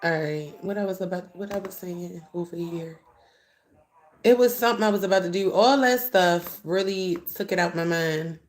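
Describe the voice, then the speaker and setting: A woman's voice: fairly low pitch, moderate pace. A woman talking casually to viewers on a livestream. She is blunt and profane and swings between scorn and grief. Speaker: livestreamer, grieving mother.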